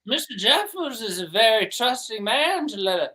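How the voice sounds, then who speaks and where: A woman's voice: a little high, very animated, moderate pace, sharp tone. A woman voicing a customer in an improvised comedy scene, speaking in a dry, teasing, precise way.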